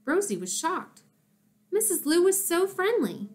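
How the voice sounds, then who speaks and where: A woman narrating a children's chapter book in an expressive storytelling manner. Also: very high-pitched, measured pace. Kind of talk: children's audiobook reading.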